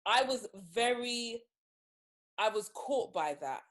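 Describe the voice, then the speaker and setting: A woman's voice: fairly high pitch, lively intonation, takes it slowly, fairly bright tone. A woman hosting a casual podcast chat, speaking carefully and hesitantly, often restarting her sentences. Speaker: podcast host.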